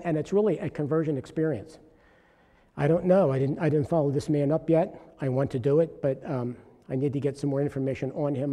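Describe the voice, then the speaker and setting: A man's voice: on the high side, warm tone, long reverb tail. A man preaching a sermon, telling a story about sharing his faith and then urging listeners on with rising fervor. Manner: earnest storytelling, rising to exhortation. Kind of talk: sermon testimony.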